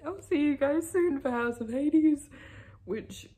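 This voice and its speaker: A woman's voice: high voice, takes it slowly, mellow. A young woman from Australia, chatting casually and emotionally about a book and reading passages aloud, swearing freely. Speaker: book vlogger. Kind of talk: casual reading reaction vlog.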